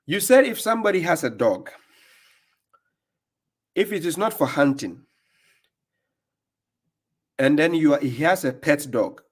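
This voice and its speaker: A man's voice: fairly high pitch, darkish tone. A man giving combative commentary as an online preacher, mocking the clips he plays and firing off rhetorical questions. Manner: laughs in scorn.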